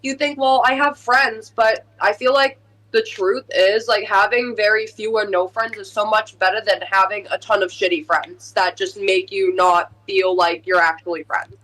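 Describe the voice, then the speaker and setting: A podcast guest talks in an easygoing, reflective way. The voice is bright and crisp, with a medium pitch. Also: steady tone, normal speed, low-quality recording. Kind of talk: casual podcast chat.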